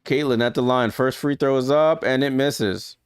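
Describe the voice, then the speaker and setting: A man's voice: medium pitch, steady tone, moderate pace, clear, resonant tone, no echo, clean studio sound. A man streaming live basketball commentary in a casual play-by-play manner, chatty and often correcting himself mid-sentence. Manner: chatty, corrects himself often and laughs at his own slips.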